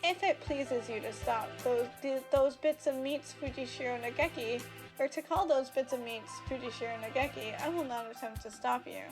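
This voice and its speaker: A woman's voice: sits high, normal speed. A woman voicing a detached male school doctor in a game, matter-of-fact, with game music behind. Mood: clinical.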